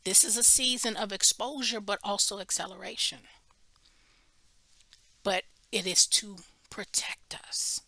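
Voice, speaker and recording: A woman's voice: medium pitch, unhurried, no room sound. A woman preacher teaching a Bible study, telling a story animatedly and acting out the people in it, with emphatic restarts. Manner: animated storytelling, acts out quoted voices.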